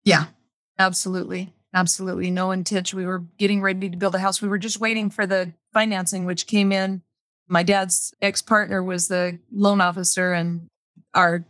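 A woman's voice: on the low side, level tone, moderate pace, a bit bright, no room sound, studio quality. Candid woman telling a personal story. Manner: candid, plain-spoken, repeats phrases for emphasis. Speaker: podcast guest.

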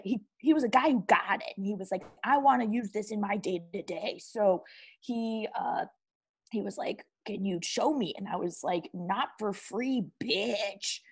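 A woman's voice: medium pitch, measured pace, a little mellow, husky. A woman playing a brash, slangy teenage boy who breakdances and pranks, in an improv comedy interview. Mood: boastful. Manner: slangy, boastful, calls people bro.

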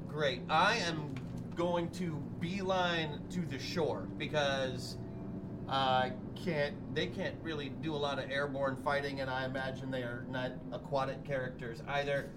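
A man's voice: medium pitch, steady tone, unhurried. A man playing his character in a tabletop game, laid-back and joking with the table. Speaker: player. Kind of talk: casual tabletop play. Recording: distant mic with background noise.

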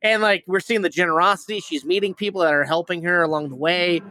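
A man's voice: high voice, fairly even intonation, quick pace, bright, forceful tone, dry recording. A man hosting a movie review podcast, retelling a plot in a rambling, casual way, full of fillers, restarts and swearing.

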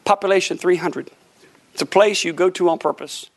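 A middle-aged man, a pastor, telling animated stories from the pulpit during a sermon, breaking into laughter and shouts at the punchlines. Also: sits high, fairly quick. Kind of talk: sermon storytelling. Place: church sanctuary.

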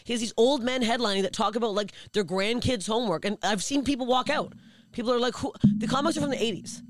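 A woman's voice: a little high, quick pace, no room sound. A woman comedian from Canada telling heated, profane stories in a casual podcast chat. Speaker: guest comedian.

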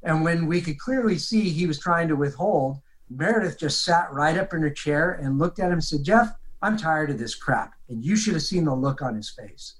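A man's voice: a little high, moderate pace, hardly any pauses, poor audio. A man retelling a case as a guest, quoting others in vivid detail. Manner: animated retelling, quotes others. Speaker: detective guest. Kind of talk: storytelling in an interview.

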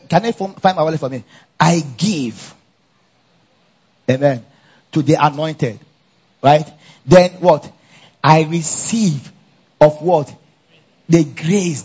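A male pastor preaching a lively sermon at a church conference, calling out to the congregation for answers. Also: on the high side, slightly rough, muffled recording. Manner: animated, call-and-response with congregation.

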